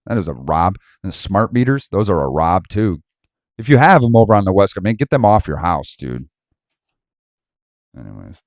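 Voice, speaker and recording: Deep-voiced man ranting heatedly. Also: darkish tone, dry recording, studio quality. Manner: heated, rambling, slangy, laughs to himself. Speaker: Bible study host. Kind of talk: casual ranting commentary.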